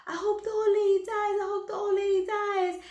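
A shrill, spiteful pet parrot, put on by a woman telling a joke, squawks out a chant in a voice pushed far above her own. The sound is roomy and echoey, as in a bare room at home. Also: level tone, fairly quick, a little mellow. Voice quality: high squawky repeated chant.

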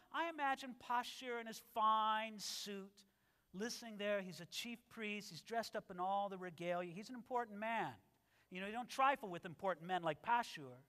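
A male pastor preaching an expository sermon in an animated, conversational way. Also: high-pitched, long reverb tail. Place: church sanctuary.

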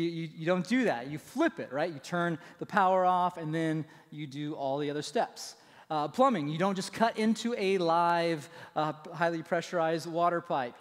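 A pastor delivers a sermon in a casual, conversational way, often checking in with "right?" and restarting his phrases. His voice sits a little higher than most men's. The sound carries a long reverb from a church sanctuary.

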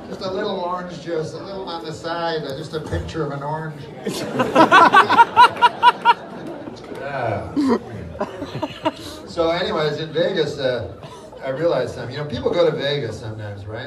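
Middle-aged male stand-up with a deadpan ramble, lively pitch, filmed from far off in an echoey hall over roaring laughter. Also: moderate pace, long pauses, noisy background. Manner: deadpan, rambling delivery with mumbled fillers. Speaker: stand-up comedian. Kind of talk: live stand-up set. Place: large hall with a live audience. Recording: roomy live hall, loud crowd laughter.

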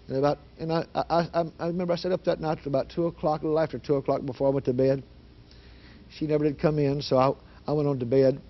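A man telling an emotional personal testimony, shifting from hushed storytelling to loud, fervent prayer. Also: on the high side, flat delivery, brisk. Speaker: guest giving testimony. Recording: dull lo-fi 1980s broadcast audio.

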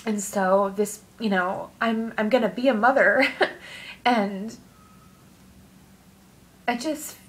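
A young woman talking through her feelings in a personal vlog, halting and emotional, with many fillers and restarts. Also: medium pitch, steady tone. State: tearful. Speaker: vlogger.

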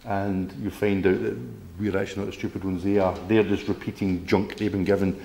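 Indignant man, low voice. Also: little pitch movement, a little fast, vocal fry, mellow, roomy sound. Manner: emphatic, indignant, rambling with restarts and swearing. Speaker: speaker at a public meeting. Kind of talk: informal public talk to an audience.

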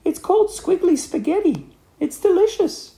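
A man doing Mrs Twit, a shrill nasty hag. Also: very animated, normal speed, dark tone, exaggerated voice. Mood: sly, sugary. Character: nasty, shrieking old woman.

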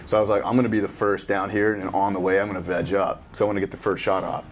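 A man's voice: low voice, flat delivery, fast, slight background noise. A man in his thirties, a military veteran, telling loose, profanity-heavy stories in casual reaction chat. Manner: profane, swears constantly, loose storytelling. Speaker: special operations veteran reacting to a game.

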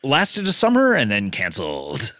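A man's voice: lowish voice, moderate pace, dry recording, studio quality. A middle-aged man hosting a podcast, telling stories in casual chat and chuckling often. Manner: animated, chuckling storyteller. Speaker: podcast host.

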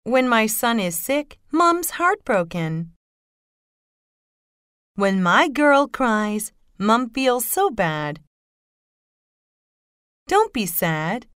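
A woman slowly reading a mother's example sentences, carefully enunciated. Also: fairly high pitch, very animated, fairly bright tone, smooth, no room sound, studio quality. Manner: slow, lilting, carefully enunciated. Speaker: narrator voicing a mother's lines. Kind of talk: slow scripted phrase reading.

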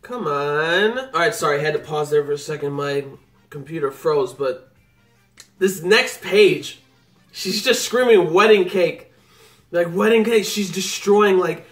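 A man hosting a live manga reaction, excitable and rambling as he reads and exclaims. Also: a little high, a little slow, soft background music. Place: home computer setup.

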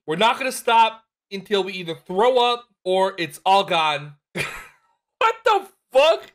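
A young woman streaming games live on a headset mic, excitable, laughing often and swearing freely. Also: mid-range voice, unhurried. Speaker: game streamer. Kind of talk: live gameplay commentary.

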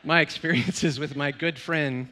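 A man's voice: fairly high pitch, fairly even intonation, unhurried. Storytelling male pastor in a reverberant church. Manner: warm storytelling with many fillers and quoted dialogue. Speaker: guest pastor. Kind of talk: sermon. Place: church sanctuary. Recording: long reverb of a church hall.

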